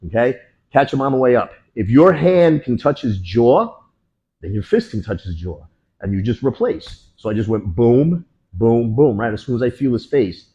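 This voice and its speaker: A husky-voiced male instructor runs a hands-on class, talking through each grapple and strike as he shows it. His pitch sits in the middle, and he keeps snapping out boom and bang as the hits land. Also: moderate pace, muffled recording. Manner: animated, punctuates moves with boom and bang. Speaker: martial arts instructor.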